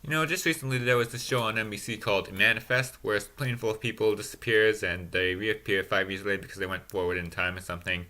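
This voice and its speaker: Snarky guy rattling off a movie recap real fast, low voice but bright and sharp. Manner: deadpan self-mocking snark. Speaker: movie reviewer. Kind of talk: sarcastic comedic movie recap.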